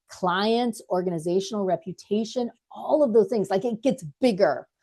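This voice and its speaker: A woman's voice: medium pitch, mellow. A woman hosting a leadership podcast, giving earnest, direct career advice in a casual coaching monologue and often repeating words as she thinks.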